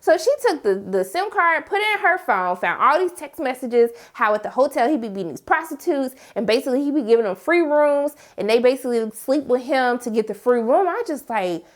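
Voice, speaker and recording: A woman's voice: high-pitched, a little fast, few pauses. A woman casually recapping a reality TV episode as host, acting out what people said in exaggerated voices. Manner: animated, acts out quotes in exaggerated voices.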